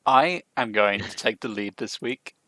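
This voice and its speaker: A man's voice: lowish voice, measured pace, sharp tone, no room sound. A man co-hosting a podcast, telling chatty anecdotes and leading the news segment. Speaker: podcast co-host. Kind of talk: casual chat.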